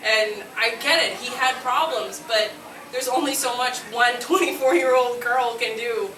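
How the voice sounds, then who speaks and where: A woman from Nova Scotia, Canada, in her late twenties, telling a brash, animated comic story on stage, often laughing at her own lines and yelling punchlines. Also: fairly high pitch. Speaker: solo comedy performer. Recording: roomy, distant, noisy live room recording.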